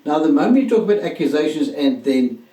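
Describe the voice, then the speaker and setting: A man's voice: a little high, big pitch swings, quick pace, dark tone, far from the mic. A man giving an emphatic motivational relationship lesson, speaking directly to his listeners. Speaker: relationship coach. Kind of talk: motivational teaching talk. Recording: roomy echo, mic set back.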